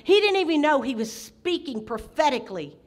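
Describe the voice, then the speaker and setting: A middle-aged woman preaching a sermon as senior pastor, impassioned, with sudden loud outbursts. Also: high voice, big pitch swings, fairly quick.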